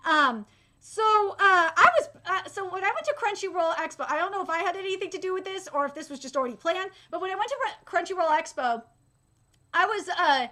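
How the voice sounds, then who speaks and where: A young woman hosting a casual anime and manga update vlog, gushing and excitable, swearing freely, full of fillers and restarts. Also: very high voice. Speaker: channel host.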